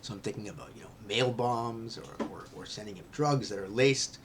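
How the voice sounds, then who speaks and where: Rambling man confiding, faint rumble. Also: brisk. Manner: rambling, restarts, drops to hushed near-whispers. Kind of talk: candid personal vlog monologue.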